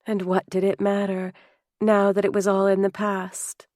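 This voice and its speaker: A woman narrating a novel in first person, measured and heartfelt, close to the mic. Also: lowish voice, level tone, darkish tone, no room sound. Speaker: audiobook narrator. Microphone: close studio mic.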